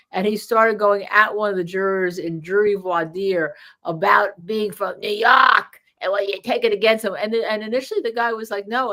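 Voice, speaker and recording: A woman's voice: mid-range voice, pushed and bright. A woman trial lawyer with a New Jersey accent, co-hosting a casual legal commentary show, chatty with many fillers and restarts.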